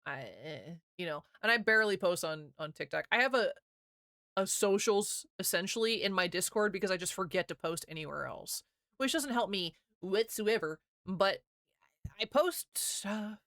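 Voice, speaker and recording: A woman in her thirties chats casually with her stream, laughing often and rattling along quickly. Her voice sits at an ordinary pitch. The sound is dry and close, with no room around it. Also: expressive, a bit bright, dry recording. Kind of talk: casual chat with viewers.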